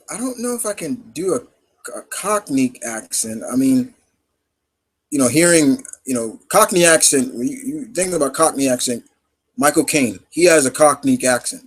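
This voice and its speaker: A man's voice: mid-range voice, low-quality recording. A man hosting a live question-and-answer stream in casual chat, rambling and full of fillers. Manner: rambling, heavy with fillers and restarts.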